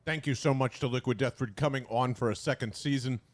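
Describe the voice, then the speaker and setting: Excitable, swearing male podcast host. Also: medium pitch, fairly quick. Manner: animated, excitable, swears freely. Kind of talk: casual sports chat.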